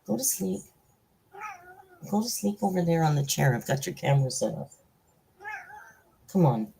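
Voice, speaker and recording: Female live-stream host, very low and husky, with a lively, swooping delivery. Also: normal speed, slight background noise, rough recording. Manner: chatty and laughs often, coos to her pet. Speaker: livestream host. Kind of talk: casual live-stream chat. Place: at home.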